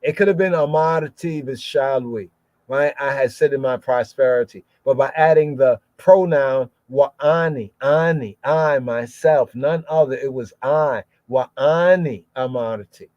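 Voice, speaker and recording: A man's voice: mid-range voice, unhurried, a little mellow, no room sound. A man teaching scripture verse by verse, sounding out each word and repeating phrases many times. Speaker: Bible teacher. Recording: dull lo-fi podcast audio.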